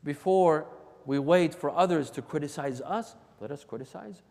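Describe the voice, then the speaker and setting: A man's voice: fairly high pitch, moderate pace, vocal fry, a little mellow. A man giving an emphatic sermon, repeating key phrases for stress. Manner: emphatic and repetitive, restating points for stress. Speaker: religious lecturer. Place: large hall of a religious center. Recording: long hall reverb.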